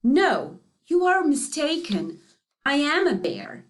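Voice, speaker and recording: A woman's voice: high voice, sing-song, takes it slowly, pitched above the performer's own voice, exaggerated voice. A woman reading aloud for a lesson, voicing a stubborn, polite male bear who keeps insisting on what he is. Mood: insistent.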